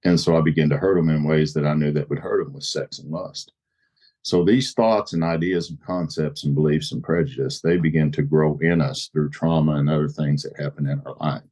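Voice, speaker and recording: Deep-voiced man sharing his recovery story. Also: fairly even intonation, fairly quick, dark tone. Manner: earnest, repeats phrases for emphasis. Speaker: podcast guest.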